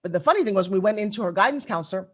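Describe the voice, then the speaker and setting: A woman's voice: medium pitch, racing. A middle-aged woman telling stories in a chatty conference keynote and speaking straight to the audience. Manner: animated, chatty, addresses the audience directly.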